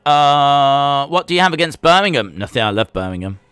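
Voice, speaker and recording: A man hosting a live wrestling watch-along stream. He calls the action with excitement, then answers chat questions in a relaxed, rambling way. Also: medium pitch, brisk, clean tone, no echo. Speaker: live-stream reaction host.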